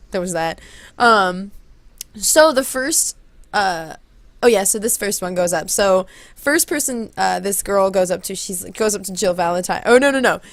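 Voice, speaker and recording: A woman telling a long story casually on her vlog, rambling and acting out quotes, speaking into a close handheld mic. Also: no echo. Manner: rambling, animated, acts out quotes in high voices. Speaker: vlogger. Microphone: handheld corded mic held close.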